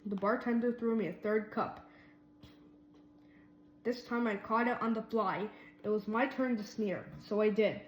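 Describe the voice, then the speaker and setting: A woman reading a children's storybook aloud in a lively way, doing voices for the mouse characters. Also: medium pitch, a little slow, pauses often, echoey room, rough recording. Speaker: reader.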